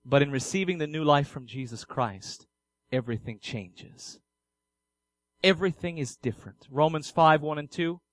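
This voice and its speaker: A man's voice: fairly high pitch, moderate pace, no room sound, low-quality recording. A man preaching a sermon earnestly, posing questions and answering them himself.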